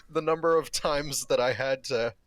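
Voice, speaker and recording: A man's voice: mid-range voice, no echo. A man co-hosting a podcast over an online call, emphatic and laughing, swearing heavily. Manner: emphatic, heavy swearing, laughs while talking. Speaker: podcast co-host. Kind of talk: casual podcast chat.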